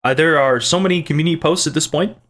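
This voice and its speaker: A man with a fairly high voice chats casually as he reads through comments from his viewers. He rambles, restarts his sentences and tosses in little jokes as he replies, keeping a playful tone throughout. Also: quick pace, fairly bright tone. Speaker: channel host reading viewer comments. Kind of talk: casual chat.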